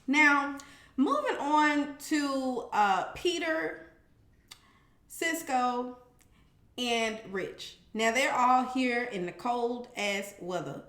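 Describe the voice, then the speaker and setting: A woman recaps a reality episode in a casual, sassy way, swearing freely and acting out what people said. Her voice sits fairly high. The room around her is echoey. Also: extremely slow. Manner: animated, profane, sassy commentary with acted-out quotes.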